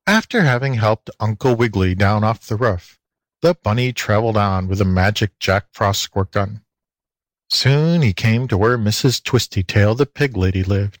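A man reading a children's storybook aloud, expressive and lilting, into a close mic. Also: lowish voice, moderate pace, no echo. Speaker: audiobook reader. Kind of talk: storybook narration.

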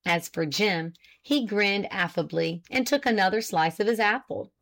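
A woman narrating an old novel aloud in a steady, measured storytelling manner. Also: medium pitch. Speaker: audiobook narrator.

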